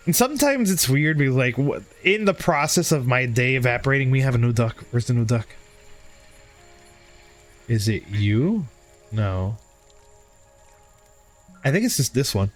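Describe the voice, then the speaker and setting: A man hosting a livestream and chatting candidly with viewers, swearing freely and being hard on himself. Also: mid-range voice. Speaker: livestream host. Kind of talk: casual stream chat.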